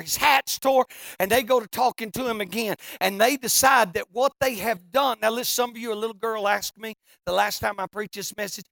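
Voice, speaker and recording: A preacher telling a funny story in a sermon, folksy and animated, now and then breaking into shouts. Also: medium pitch, gravelly, no room sound, clean studio sound.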